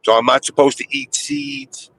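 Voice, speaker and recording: A man streamer telling a crude story in casual chat, animated, with put-on voices for the people in it. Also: mid-range voice, normal speed, slight background noise, rough recording.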